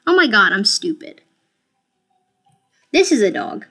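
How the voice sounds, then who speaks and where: A woman's voice: medium pitch, big pitch swings, measured pace, vocal fry, sharp tone. A woman streaming a game, talking casually to viewers in a chatty, self-mocking and playfully dramatic way. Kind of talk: casual gameplay commentary.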